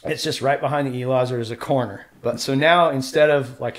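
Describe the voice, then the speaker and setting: A middle-aged man from Washington State tells a long story as a podcast guest. His voice sits in a middle pitch but leaps high and loud whenever he acts out what someone said, then drops back to an easy, casual telling. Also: fairly quick. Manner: animated storyteller who acts out quotes with jumps in pitch and loudness. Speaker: podcast guest, pro snowboarder.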